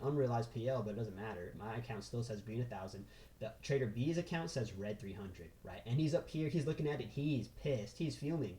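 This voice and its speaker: A man walking through a trading chart in an excitable, casual way, punctuating every point with "right?" and "boom." His voice is warm and mellow, recorded with a roomy echo. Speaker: trading instructor.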